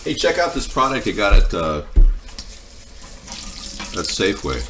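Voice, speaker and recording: This livestream host has a lowish, sing-song voice and speaks a little slowly, with noise in the background. He chats casually as he cooks, drifting into long, winding stories and replying to comments from viewers.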